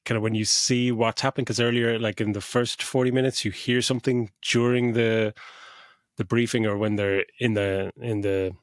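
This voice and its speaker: A man's voice: mid-range voice, level tone, moderate pace, no room sound, clean studio sound. A middle-aged man co-hosting a podcast, laid-back and swearing freely while retelling film scenes. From Ireland. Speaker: podcast co-host. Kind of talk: casual film review chat.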